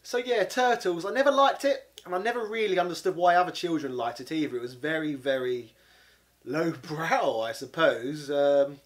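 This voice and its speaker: A man's voice: on the high side, normal speed. A man, delivering an exasperated comedic rant as a game reviewer. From London, England. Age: 30s. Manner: exasperated, indignant, peppered with 'bloody'. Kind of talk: comedic ranting monologue.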